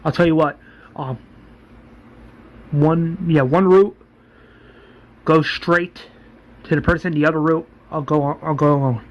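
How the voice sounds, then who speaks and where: A man voicing a protective leader who speaks in a calming but urgent way. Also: on the high side, measured pace, pauses often, dull audio, close to an everyday voice. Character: steady male leader, protective.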